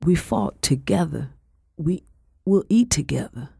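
A man's voice: on the high side, expressive, a little slow, gravelly, darkish tone, husky, no room sound, studio quality, heavily acted. A reader voicing a weary young male prisoner who talks bluntly in plain country speech.

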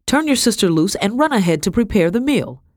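A woman voicing a stern, haughty lady of the house in an audiobook, speaking in a sharp, cutting way. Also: low-pitched, expressive, fairly quick, no room sound, clean studio sound. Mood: snapping.

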